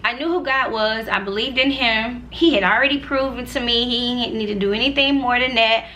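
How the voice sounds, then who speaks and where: Bright-voiced young woman, chatty testimony. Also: fairly high pitch, fairly quick, slight background noise. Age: 20s. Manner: chatty and earnest, full of "like" and asides to viewers. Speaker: vlogger sharing her faith testimony. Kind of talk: casual personal testimony.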